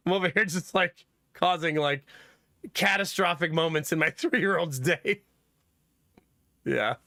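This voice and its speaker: Young man, high voice, bright, animated storyteller, laughs a lot, dry close mic. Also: unhurried, no echo. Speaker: streamer and father. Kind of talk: casual chat with stream viewers.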